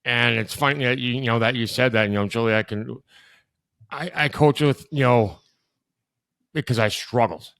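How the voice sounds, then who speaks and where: Smooth-voiced man, rambling chat. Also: medium pitch, normal speed, long pauses, fairly bright tone, dry recording, studio quality. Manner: rambling, heavy use of "you know". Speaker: hockey director. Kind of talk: casual conversation.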